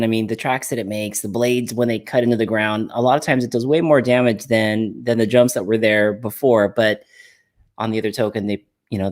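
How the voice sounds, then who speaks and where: A man's voice: medium pitch, darkish tone. A man hosting a podcast, chatting casually and agreeably with his guest. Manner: agreeable, easygoing, laughs along. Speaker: podcast host. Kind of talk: casual chat.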